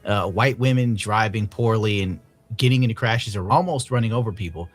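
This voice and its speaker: Brief: dry, sardonic male commentator, low register. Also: a little fast, faint music behind. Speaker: video commentator. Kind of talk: scripted video commentary.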